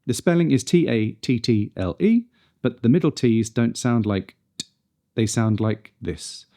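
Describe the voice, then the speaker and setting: A man's voice: mid-range voice, animated, measured pace, dark tone. A man teaching a pronunciation lesson, carefully demonstrating consonant sounds one at a time. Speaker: speech coach.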